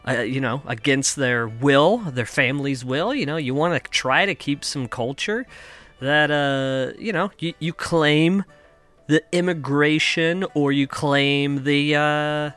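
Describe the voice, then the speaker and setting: A man's voice: fairly high pitch, slow pace, fairly bright tone, faint music behind. A young adult man from Kansas hosting a comedy podcast from his basement, rambling through a profane, self-mocking monologue. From United States (Kansas). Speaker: podcast host. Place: home basement.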